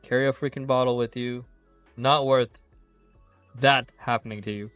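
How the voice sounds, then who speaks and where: A young man co-hosting a casual podcast, easygoing and quick to laugh. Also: mid-range voice, steady tone, a bit bright, no echo, faint music behind. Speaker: podcast co-host. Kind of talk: casual chat.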